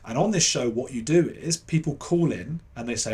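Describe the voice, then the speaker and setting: A man with an English accent telling a long anecdote as a podcast guest, animated and acting out the voices of other people. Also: mid-range voice, fairly quick. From England. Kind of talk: casual anecdote in an interview.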